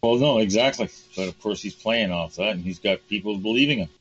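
A man in his sixties hosting a casual interview, relaxed and hesitant, with many fillers. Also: on the low side, a little fast, lo-fi sound, soft background music. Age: 60s. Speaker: host.

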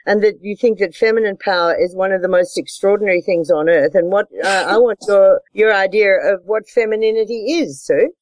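A woman's voice: mid-range voice, fairly quick, hardly any pauses, a little mellow, dry recording. A woman hosting a casual chat over a video call, chatty and laughing often. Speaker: host.

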